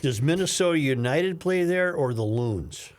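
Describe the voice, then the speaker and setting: A man's voice: fairly high pitch, expressive, normal speed, very noisy. A man on a casual talk show, dryly playing the naive questioner. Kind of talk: casual radio chat.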